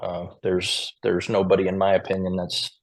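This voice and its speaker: This podcast guest, a square dance caller from Montana, USA, tells chatty anecdotes in a casual interview, chuckling every so often. His voice is deep and his delivery completely flat, at a moderate pace.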